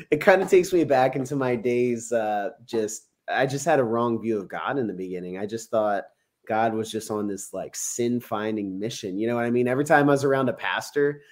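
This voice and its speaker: A man's voice: medium pitch, moderate pace, a little mellow. A man in casual conversation, walking through a Bible passage and acting out the quotes with an easy chuckle. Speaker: podcast co-host discussing scripture.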